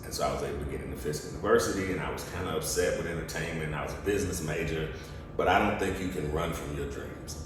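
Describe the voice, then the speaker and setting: A young man, an actor, telling lively stories as a guest in an interview. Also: extremely low pitch. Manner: lively storyteller, acts out quotes. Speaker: guest, actor and studio co-founder. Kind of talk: animated storytelling interview. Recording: echoey room, distant mic, background noise.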